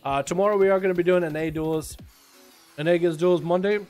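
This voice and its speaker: Excitable young-sounding streamer calling fights. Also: male voice, sits high, quick pace, faint music behind. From Russia. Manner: excitable play-by-play, joking, casual slang. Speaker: livestream host and duel commentator. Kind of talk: live game commentary and chat talk.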